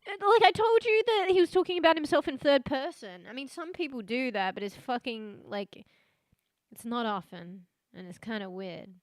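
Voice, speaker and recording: A woman's voice: high voice, moderate pace, no room sound, clean studio sound. Chatty, laughing woman streaming a game. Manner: chatty, swears often, laughs easily. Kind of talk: casual live-stream commentary.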